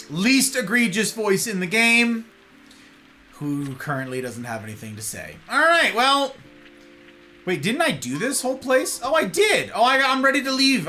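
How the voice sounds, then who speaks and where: High, lively-voiced man streaming a game. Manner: playful, chatty, greets chat. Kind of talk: live gameplay commentary.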